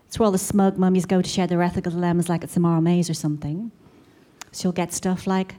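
A woman's voice: fairly low pitch, fairly even intonation, fast, dark tone. A woman performing a stand-up routine on a comedy club stage, sardonic, with her bits building into mock rants. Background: audience laughter.

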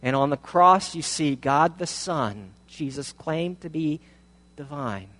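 A man's voice: a little high, slow, fairly bright tone. Emphatic male preacher in a reverberant hall. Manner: emphatic, builds through rhetorical questions and repeated phrases. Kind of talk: sermon.

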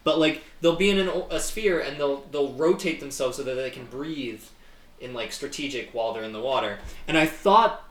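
A man from upstate New York co-hosting a podcast in casual chat, rambling and halting with many fillers. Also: mid-range voice, fairly bright tone, reverberant. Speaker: podcast co-host.

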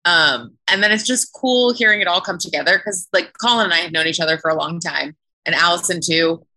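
Bright, chatty woman voice actor. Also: lowish voice, a little fast. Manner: chatty, laughing, lots of "like". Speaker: voice actor on an after show panel. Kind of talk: casual chat. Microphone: home recording setup.

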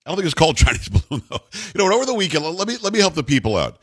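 A man's voice: fairly high pitch, big pitch swings, very fast, husky, dry recording. A man hosting a talk radio show in a studio, joking and teasing his co-host in casual, rambling banter.

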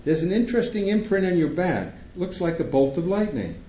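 Man putting on a higher, clinical old doctor. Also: sing-song, a little fast, warm tone, a little hiss or hum. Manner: detached, lecturing. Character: calm, clinical older male doctor. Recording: echoey hall, dull sound.

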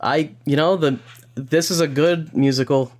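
A young man co-hosting a podcast in casual chat, wry and teasing, with a deadpan edge and some swearing. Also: on the high side, normal speed. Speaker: podcast co-host.

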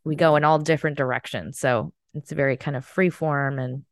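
A woman's voice: sits low, steady tone, fairly quick, no echo, clean studio sound. A woman hosting a casual interview podcast, effusive and giggly, with many fillers. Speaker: podcast host.

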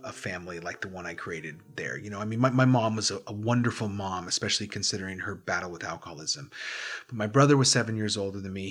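A man in an interview, recounting his past candidly and haltingly, often restarting and repeating words. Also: on the low side, fairly bright tone. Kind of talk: candid personal storytelling.

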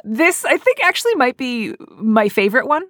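A young adult woman hosting an advice chat, animated, acting out quoted voices in her stories. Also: sits high, moderate pace, no room sound, clean studio sound. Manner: animated storyteller, acts out quotes. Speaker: advice columnist host. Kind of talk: casual chat.

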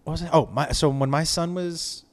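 A man's voice: on the high side, a little fast. A man hosting a casual chat, telling anecdotes with lots of swearing. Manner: animated storyteller, swears freely.

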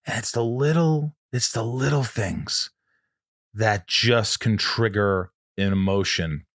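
Low-voiced man hosting a chat. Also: takes it slowly, dry recording, studio quality. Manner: earnest, rambling, many restarts. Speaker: podcast host. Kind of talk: casual interview chat.

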